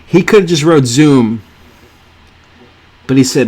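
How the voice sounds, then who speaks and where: A man hosting a sneaker art channel, reacting to drawings on screen with gushing, theatrical awe that swings from loud to hushed. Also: mid-range voice, unhurried, pauses often, slightly rough.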